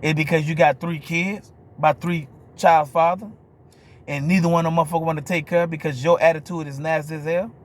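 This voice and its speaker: A man's voice: a little high, fairly even intonation, fairly quick. Profane New Orleans man ranting. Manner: blunt, profane, keeps asking "you hear me?". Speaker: vlogger. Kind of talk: ranting monologue to camera.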